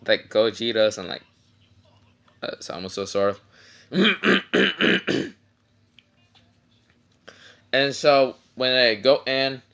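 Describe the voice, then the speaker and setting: A man's voice: medium pitch, big pitch swings, extremely slow, gravelly, pauses often, fairly bright tone. A man casually telling a fan-fiction story, rambling and swearing with many fillers, tired after little sleep.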